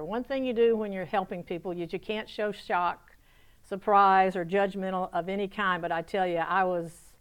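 Her voice low-leaning, clear and resonant, a woman pastor gives her testimony before listeners. She moves between lively storytelling and softly hushed moments.

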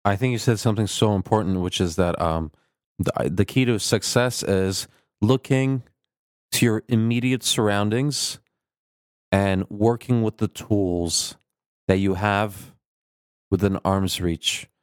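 A man's voice: fairly low pitch, measured pace, no room sound, clean studio sound. A man as a guest on a casual podcast, telling rambling anecdotes with lots of fillers.

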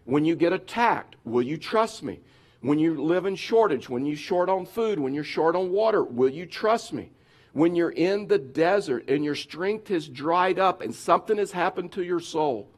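A man's voice: high voice, expressive, normal speed. A man preaching a sermon as pastor, emphatic and repeating his key phrases again and again.

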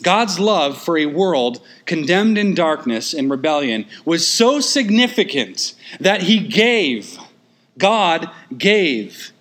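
Emphatic higher-voiced male preacher. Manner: emphatic, repeats key phrases; lively, quick asides with sudden pushes of emphasis. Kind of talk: expository sermon.

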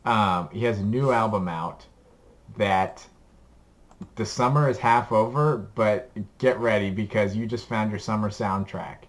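Rambling, enthusiastic low-voiced man. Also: a little slow. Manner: enthusiastic, rambling, laughs often. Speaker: podcast co-host giving a music recommendation. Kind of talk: casual chat.

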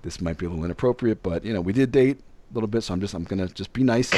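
A man's voice: on the low side, racing, dry recording. A young man telling a casual story, acting out other people's lines as he goes. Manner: animated, acts out other people's voices.

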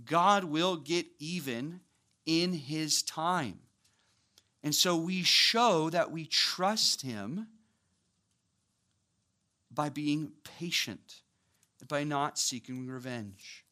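A man preaching a sermon, walking through scripture with lively, casual asides and acted-out voices. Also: on the high side, drawn-out words, long pauses. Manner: animated, acts out voices of biblical figures with casual asides.

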